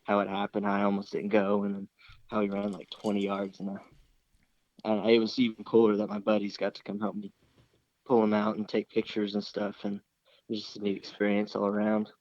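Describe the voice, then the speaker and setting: A man's voice: lowish voice, completely flat delivery, fairly quick, a little mellow, dry recording. A young man telling a story casually in an interview, rambling along with many restarts and fillers. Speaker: interview guest, hunter. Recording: slightly dull, dry recording.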